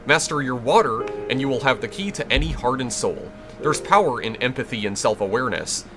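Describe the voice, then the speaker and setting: A man's voice: medium pitch, expressive, fairly quick, close to an everyday voice. A man reading the lines of an intense mystical male familiar spirit who teaches magic, in a plain instructive tone, with game music behind. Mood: solemn.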